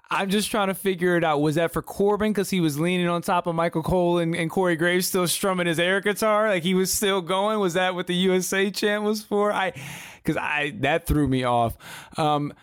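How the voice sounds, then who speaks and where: A man co-hosting a wrestling podcast, chatting casually with animated, slangy talk and frequent stammered restarts. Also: on the high side, smooth, dry recording, clean studio sound. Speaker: podcast co-host.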